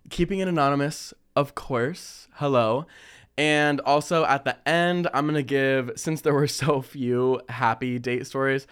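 A young man hosting a casual chat, reading listener stories and telling his own with lively slang and frequent laughter. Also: medium pitch, clean tone. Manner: animated, laughs often, chatty slang. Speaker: podcast host.

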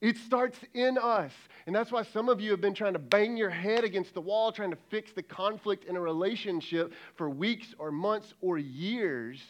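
A man's voice: high-pitched, moderate pace, hardly any pauses. A man who is a lead pastor, preaching a sermon in a conversational way and often asking rhetorical questions. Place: church service.

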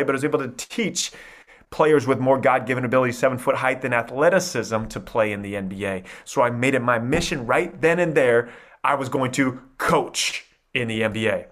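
A man in his thirties from Iowa, telling his life story as a podcast guest in an animated, energetic way. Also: medium pitch. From Iowa, USA. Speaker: podcast guest, mindset coach. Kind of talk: storytelling interview.

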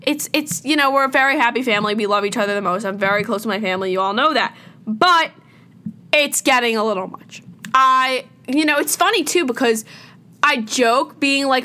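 A woman's voice: a little high, fairly quick, bright, forceful tone. A teenage girl ranting casually to camera, dramatic and exasperated, full of "like" and "you know", with some crackly noise. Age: teens. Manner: dramatic, exasperated, filler-heavy valley-girl talk. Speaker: vlogger.

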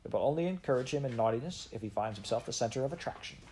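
A man's voice: fairly low pitch, very animated, normal speed, darkish tone, a little hiss or hum. A man reading aloud and voicing a pompous, stern, stout woman stallholder in a storybook. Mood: indignant. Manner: stern, haughty, scolding.

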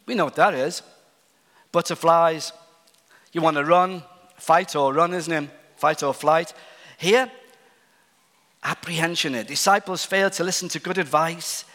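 Earnest male preacher in an echoing hall. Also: on the high side. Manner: earnest, swinging from emphatic to hushed. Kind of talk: sermon. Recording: long reverb of a large hall.

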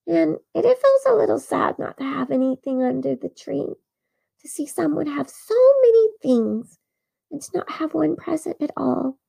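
A woman narrating a first-person Christmas story in an earnest, animated way. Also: high-pitched, normal speed, vocal fry. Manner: earnest, animated, with small laughs.

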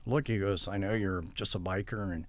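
A deep, steady voice belongs to an older man speaking briskly as an interview guest. He tells long, meandering stories and acts out the dialogue he quotes, in a storytelling-style conversation.

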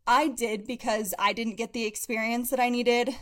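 A young woman co-hosts a podcast, her voice on the high side, fairly bright and steady, at a normal speed. She chats in a casual, upbeat way, a little out of breath and laughing often.

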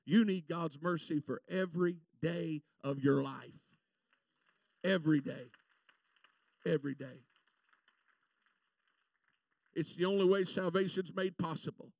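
High, gravelly preacher man. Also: darkish tone, no echo. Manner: fervent, folksy storytelling, drawing out scripture slowly. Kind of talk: sermon. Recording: voice from a distance from the mic, dry sound.

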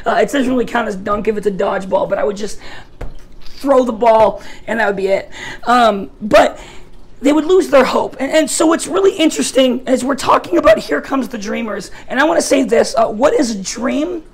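A woman with a high-pitched voice giving a sermon as a youth pastor, telling stories with jokes and self-mocking asides. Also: lively intonation, moderate pace, husky. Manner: joking, self-mocking storyteller.

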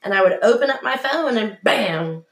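A woman's voice: a little high, lively intonation, normal speed, echoey room. A woman in casual chat, blunt and sassy, swearing freely.

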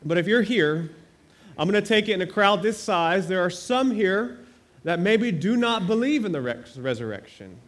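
High-voiced pastor preaching to his congregation. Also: moderate pace. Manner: energetic, leads the congregation in call and response. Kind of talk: sermon.

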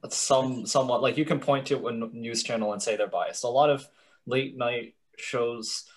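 A man's voice: medium pitch, fairly even intonation, moderate pace. A teenage boy hosting a student podcast in casual chat, joking, laughing and steering the topics. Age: teens.

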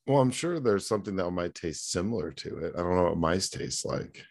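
A man's voice: low voice, animated, brisk, darkish tone. A man co-hosting a podcast, chatting in a laid-back way, swearing and laughing along. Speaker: podcast co-host. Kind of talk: casual chat.

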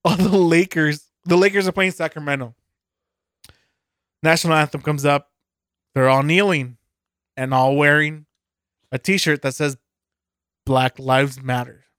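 A man's voice: on the high side, a little slow, pauses often, a bit bright, no room sound, clean studio sound. A man co-hosting a casual podcast, ranting heatedly and swearing constantly. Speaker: podcast co-host. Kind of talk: casual beer podcast chat.

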